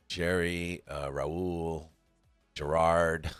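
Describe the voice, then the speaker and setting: A man's voice: deep voice, smooth, dry recording. A man from California giving laid-back, chatty commentary on a pool match, often laughing as he talks. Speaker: stream commentator.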